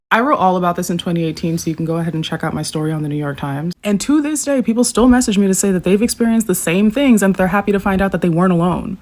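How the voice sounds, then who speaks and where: A woman's voice: fairly low pitch, a little mellow. A woman from the southern United States giving emphatic, sarcastic commentary to camera.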